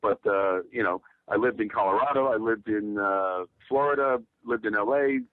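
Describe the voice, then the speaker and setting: A man's voice: lowish voice, moderate pace, no echo, phone-quality sound. A man from the United States, a guest in a casual interview, telling stories in a laid-back, rambling way.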